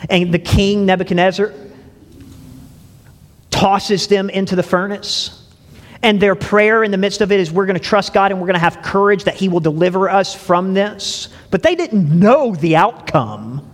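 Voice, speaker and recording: A man's voice: high voice, moderate pace. A male pastor preaching a sermon in a conversational way, dropping in "you know" and "right?" and repeating words as he restarts. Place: church. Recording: long reverb of a church hall.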